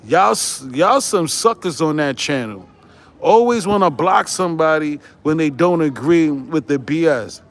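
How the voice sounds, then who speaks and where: A high-voiced man rants at his audience, swearing freely and pushing back at his critics. He keeps tossing in "right?" and breaks off into laughter along the way. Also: expressive, a little slow. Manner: profane, combative, repeats "right?"; laughs often while ranting. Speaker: YouTube host. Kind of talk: heated vlog rant.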